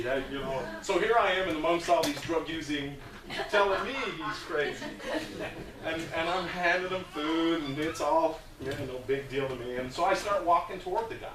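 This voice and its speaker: A man's voice: mid-range voice, noisy background. Earnest man telling stories, distant roomy mic. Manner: earnest, plainspoken anecdotes with hesitations. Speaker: guest speaker about a volunteer food project. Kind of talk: personal storytelling talk to a group.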